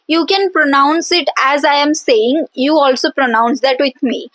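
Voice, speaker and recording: Female teacher, high voice, slow and deliberate, lots of fillers, dry close recording. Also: fairly bright tone, no room sound, rough recording. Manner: drawn-out pronunciation of example words. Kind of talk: explanatory lesson.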